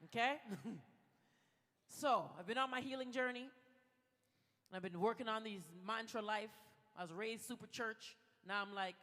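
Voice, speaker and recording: Woman at a gala, bright forceful voice, playful and joking, echoey hall, faint music. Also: mid-range voice, measured pace, long pauses. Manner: playful, joking, leads audience in mantras. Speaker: gala speaker. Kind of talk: motivational speech. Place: large event hall.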